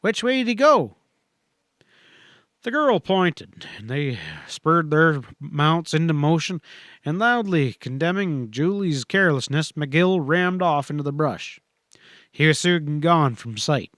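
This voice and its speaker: A man narrating a western audiobook in a steady, measured reading. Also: a little high, dry recording, clean studio sound.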